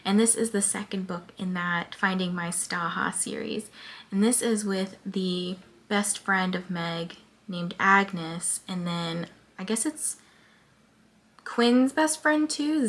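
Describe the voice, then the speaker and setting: A woman book vlogger chatting casually about her reading and reading book blurbs aloud, with a lot of "like" fillers. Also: mid-range voice. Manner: chatty, filler-heavy with frequent "like".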